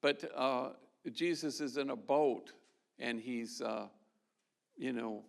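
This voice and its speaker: A man's voice: mid-range voice, takes it slowly, vocal fry. A man, a Jesuit priest, giving an award talk to an audience, telling stories in a loose, conversational way with frequent restarts. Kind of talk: storytelling speech to an audience. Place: event hall with a live audience.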